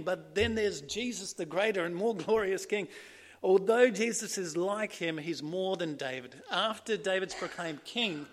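A man preaching a sermon and reading from scripture, earnest, rising to emphatic points and dropping to hushed ones. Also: high-pitched.

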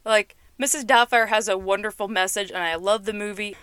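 A woman's voice: mid-range voice, brisk, clean tone, no echo. A woman talking casually and chattily about movies as a solo commentator. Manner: chatty, animated, laughs often. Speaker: film commentator.

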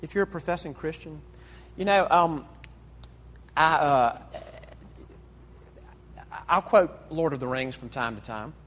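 A male pastor preaching a conversational sermon, full of rhetorical questions and quick restarts. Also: on the high side, fairly bright tone, slight background noise. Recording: echoey hall with long reverb.

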